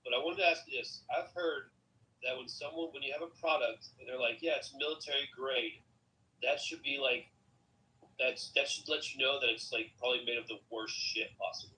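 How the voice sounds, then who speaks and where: A man talks fast in casual chat and fires off curious questions. His voice has a very bright, sharp edge. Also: mid-range voice, far from the mic, rough recording. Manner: quick, curious, asks questions.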